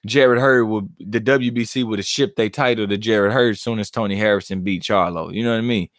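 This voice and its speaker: A man's voice: fairly low pitch, fast, no room sound, studio quality. A man hosting his own channel, giving casual, profane, laughing commentary on boxing. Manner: animated, profane, laughing banter.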